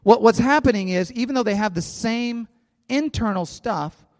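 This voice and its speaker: A man's voice: extremely high pitch, moderate pace, a little mellow. A male pastor preaching a sermon in a conversational way, telling stories and often restarting his phrases. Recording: long hall reverb.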